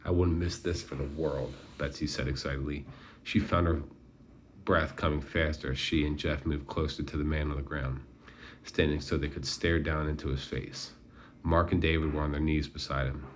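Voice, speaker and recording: A man reading a novel aloud in steady, measured narration. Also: very deep voice, a little hiss or hum. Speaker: audiobook narrator. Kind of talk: scripted narration.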